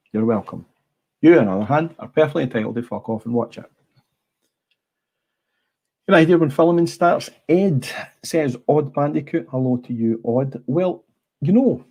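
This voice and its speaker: A man's voice: medium pitch, lively intonation, moderate pace, long pauses, a little mellow, breathy edge. A middle-aged Scottish man hosting a casual livestream, blunt and rambling, swearing freely. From Scotland. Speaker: livestream host. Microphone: small clip-on mic.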